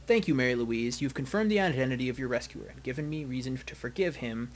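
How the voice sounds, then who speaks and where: A man voicing a wealthy elf father in a video game, measured and commanding. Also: mid-range voice, slight background noise, natural voice. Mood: formal.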